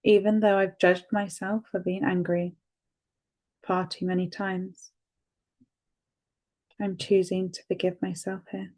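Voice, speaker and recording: A woman guiding a tapping session, speaking calmly and gently and repeating phrases for the listener to say back. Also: medium pitch, unhurried, pauses often. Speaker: EFT tapping guide.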